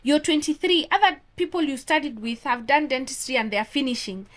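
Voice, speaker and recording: A woman from Kenya, an orthodontist guest in a casual interview, telling a story in a lively way and acting out the dialogue. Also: high-pitched, brisk. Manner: animated, acts out quoted dialogue.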